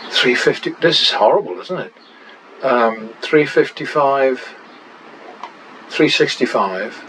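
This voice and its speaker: A man's voice: mid-range voice, slow, a bit bright, slight background noise, poor audio. A man and channel host talking through practice casino betting, muttering running tallies with wry exclamations.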